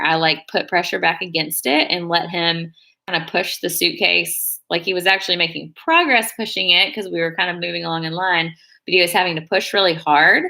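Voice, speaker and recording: A young woman chats loosely while she does her nails. Her voice is bright and a bit gravelly, and she rambles and hedges as she talks. She sits fairly low in pitch. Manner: rambling, chatty, hedges a lot. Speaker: beauty vlogger on a live stream. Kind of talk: casual chat while doing her nails.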